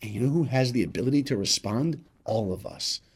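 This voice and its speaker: A man as a podcast guest telling a motivational story, emphatic and repetitive, swinging between loud and hushed. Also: medium pitch, lively intonation, brisk, slightly rough.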